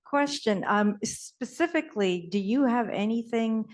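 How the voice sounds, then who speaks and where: A woman in the audience asking a question, hesitant and halting, heard from a distance. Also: on the high side, lively intonation.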